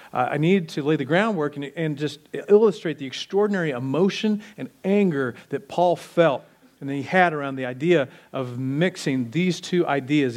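Male pastor, casual animated sermon delivery, voice a bit high. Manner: animated, conversational preaching with acted-out quotes.

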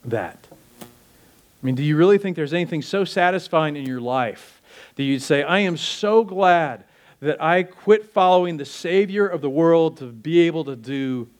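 A middle-aged man preaching a sermon as pastor, emphatic and full of rhetorical questions, building to fervent peaks. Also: on the high side.

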